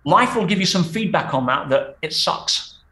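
Emphatic man coaching, slightly high voice. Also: animated, normal speed, pushed and bright, echoey room. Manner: emphatic, coaching tone with rhetorical questions. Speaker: guest speaker and coach. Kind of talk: podcast interview.

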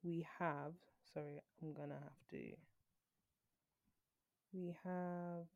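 A woman guest on a casual podcast who reads out a ranked list in a loud, giggly way. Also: fairly low pitch, steady tone, takes it slowly, no echo, muffled recording. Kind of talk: casual chat.

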